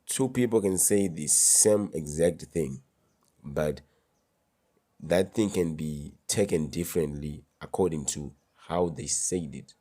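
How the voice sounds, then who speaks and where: Male vlogger, low voice, mellow tone, slangy and emphatic, casual advice delivery. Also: slow pace, slightly rough. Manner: slangy, emphatic, repeats key words.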